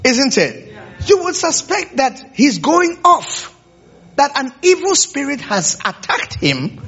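Male preacher, slow and deliberate, sermon to a congregation, muffled lo-fi sound. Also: very high-pitched, big pitch swings, fairly bright tone. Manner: keeps checking in with the congregation with rhetorical questions. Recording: dull lo-fi recording.

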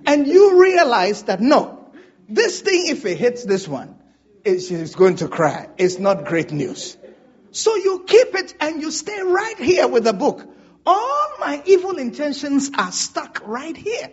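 A man's voice: very high-pitched, wildly swooping pitch, a little slow, lo-fi sound. A male pastor preaching a sermon, drawing call-and-response from the congregation.

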